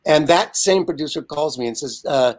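A man in his seventies, a guest telling a lively, animated anecdote over a video call. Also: on the high side, moderate pace. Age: 70s. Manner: lively, animated storyteller with frequent asides. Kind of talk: casual anecdote storytelling.

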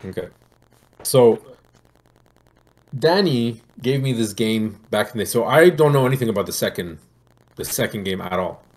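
A middle-aged man on a podcast, talking casually in a rambling, animated way about a show and games he loves. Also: fairly low pitch, normal speed, long pauses. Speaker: podcast co-host. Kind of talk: casual chat.

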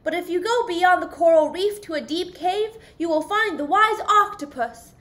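Kindly starfish voiced by a woman, high and gentle, storybook read-aloud. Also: moderate pace.

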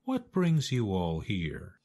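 A man voicing a sly, cunning female fox in a storybook reading, speaking in a smooth, soothing way. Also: lowish voice, huge pitch swings, slow pace, warm tone, full character voice. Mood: coaxing.

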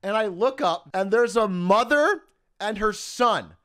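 A young male streamer with a high voice tells a rambling personal story. His delivery is animated and profane, with frequent laughter and wide swings in pitch. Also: a little slow, clear, resonant tone. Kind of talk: casual storytelling.

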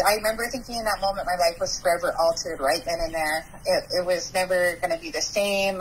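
A woman of ordinary pitch recounts her past in a halting, searching way, often pausing and starting her sentences over. She speaks as a guest on a recovery talk show. A faint hum of background noise sits under her voice. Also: fairly bright tone, rough recording. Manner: halting, with frequent restarts and pauses. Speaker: podcast guest sharing recovery story. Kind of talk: personal storytelling interview.

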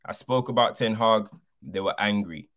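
A man's voice: lowish voice, moderate pace, fairly bright tone. A man co-hosting a football podcast, arguing passionately and repeating his points for emphasis.

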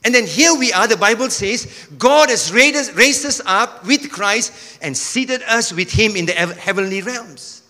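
A man preaching a sermon with energy, now and then rising to a shout. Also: sits high, expressive, a little slow, big-room sound. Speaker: pastor.

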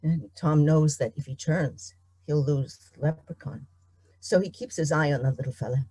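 A middle-aged woman storyteller telling a folk tale in an animated, expressive way. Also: sits low, moderate pace, husky, dry recording.

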